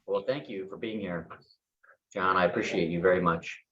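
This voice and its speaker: A man's voice: sits low, moderate pace, pushed and bright, dull audio, slight background noise. A man leading a real estate team meeting in an upbeat, enthusiastic way, over a video call. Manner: upbeat, enthusiastic emcee manner. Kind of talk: casual meeting talk.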